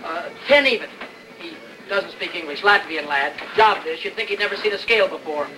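An actor playing a protective male horse trainer in a film, talking in a brisk, commanding way. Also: high voice, animated, noisy background. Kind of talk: film dialogue.

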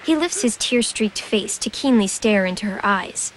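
A woman reading a scripted audio description of a film in an even, measured manner. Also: medium pitch. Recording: narration over loud film noise.

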